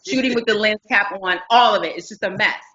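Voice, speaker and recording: A woman from New Jersey, a guest author telling animated stories in a podcast interview, acting out the people she quotes. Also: mid-range voice, quick pace, highs cut off. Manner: lively anecdotes, acts out quoted speech.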